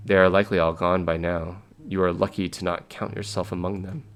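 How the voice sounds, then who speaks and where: A man's voice: low voice, flat delivery, fairly quick, soft background music. A man reading out the lines of a menacing female alien squid envoy in a game, in a formal, threatening tone. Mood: cold threatening.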